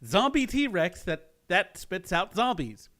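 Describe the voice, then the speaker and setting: A man's voice: sits high, very animated, slow, fairly bright tone. A man hosting a podcast, engaged and explaining things in a casual chat. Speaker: podcast host.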